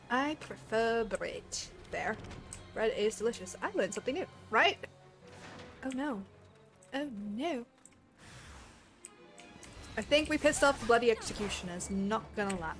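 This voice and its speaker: A woman's voice: fairly high pitch, animated, unhurried, pauses often, soft background music. A woman chatting casually on a game stream, rambling with lots of fillers and giggly asides.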